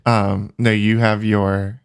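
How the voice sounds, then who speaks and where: A man narrating as game master in a casual, halting way with many fillers. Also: fairly low pitch, little pitch movement, creaky, clear, resonant tone.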